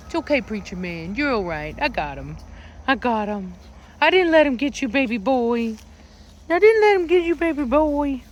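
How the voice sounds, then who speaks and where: A woman's voice: medium pitch, fairly bright tone, slight background noise. A woman dog breeder from Virginia, filming outdoors and chatting casually, talking to her dogs in a sing-song baby voice and laughing often.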